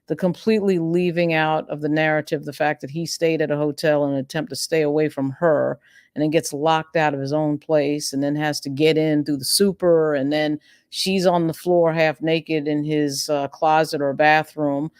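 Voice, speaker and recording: A woman's voice: deep voice, fairly even intonation, moderate pace, darkish tone, no echo, clean studio sound. A woman hosting a legal news commentary show, making emphatic arguments and building her points through long lists.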